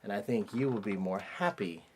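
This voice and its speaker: A man's voice: lowish voice, moderate pace, darkish tone, slight background noise. A man teaching an online cello lesson, explaining step by step and now and then singing note rhythms aloud.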